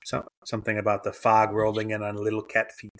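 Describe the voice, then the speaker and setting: A man's voice: on the low side, monotone, a little fast. A young adult man co-hosting a podcast in casual chat, enthusiastic and joking as he rattles off lists. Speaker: podcast co-host.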